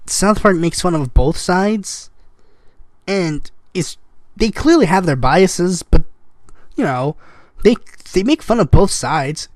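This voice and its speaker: Young guy ranting, sarcastic and fed up, high voice, dry close sound. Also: no echo. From United States. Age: young adult. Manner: sarcastic, mocking, exasperated. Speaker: podcast host. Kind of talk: casual political rant.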